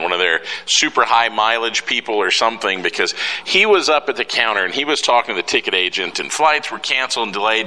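A man's voice: mid-range voice, sharp tone. A middle-aged man giving a sermon, telling a story in a conversational way with rhetorical questions to the congregation. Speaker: pastor. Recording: long hall reverb.

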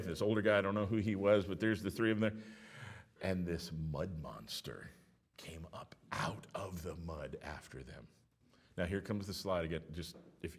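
A middle-aged man preaching a sermon as pastor, telling stories with animated swings between hushed and loud delivery. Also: low voice.

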